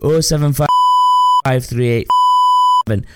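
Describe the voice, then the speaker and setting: A man's voice: medium pitch, unhurried, very noisy. A tipsy man hosting a casual podcast, swearing and laughing a lot as he rants. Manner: rowdy, swearing, laughing often. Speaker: podcast host.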